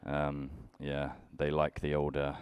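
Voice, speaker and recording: A young British man doing a stand-up comedy set on a conference stage, with a dry, self-deprecating, deadpan delivery. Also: a bass voice, takes it slowly, clean tone, no echo. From United Kingdom. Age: young adult. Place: conference stage before a live audience.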